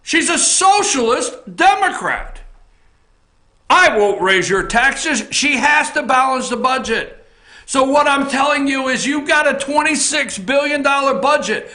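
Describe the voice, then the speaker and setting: A man hosting a political opinion show from an office, ranting bluntly with swearing, repetition and frequent shouting. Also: very high voice, expressive, measured pace, echoey room. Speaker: talk show host.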